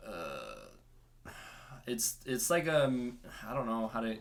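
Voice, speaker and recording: A man's voice: medium pitch, huge pitch swings, takes it slowly, gravelly, slight background noise. Rambling laughing guy on a podcast. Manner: rambling, laughs often, trails off. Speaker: podcast guest. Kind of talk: casual podcast chat.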